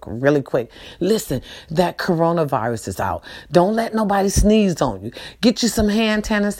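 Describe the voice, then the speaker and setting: Middle-aged woman vlog host, lively and swooping, profane and preachy, lowish voice. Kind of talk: casual motivational talk to viewers.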